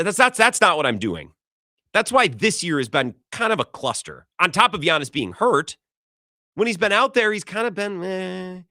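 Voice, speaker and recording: Guy hosting sports talk radio, bright punchy voice, dry studio sound, rambles a lot. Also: fairly high pitch, dry recording. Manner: animated, rambling, quick restarts.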